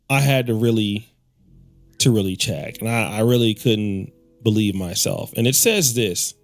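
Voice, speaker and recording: Animated man telling a pop culture story. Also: medium pitch. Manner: animated, storytelling, wry asides. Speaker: commentary host.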